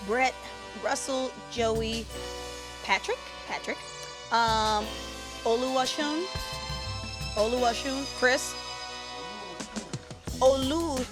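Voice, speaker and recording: A woman's voice: high-pitched, steady tone, very slow, long pauses, music in the background. A woman co-hosting a pop culture podcast in casual chat, teasing and laughing often. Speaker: podcast co-host.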